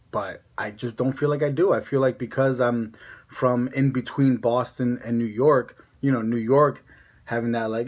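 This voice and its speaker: A man's voice: mid-range voice, normal speed. A young man with a Connecticut accent chatting casually to camera as a vlogger, rambling with lots of fillers. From Connecticut, USA.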